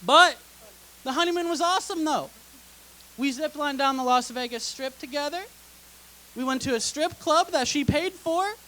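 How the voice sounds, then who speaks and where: Young female stand-up, very high and bright voice, sarcastic dry delivery, live theater stage mic. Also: normal speed, pauses often, rough recording. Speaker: stand-up comedian. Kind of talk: stand-up comedy set.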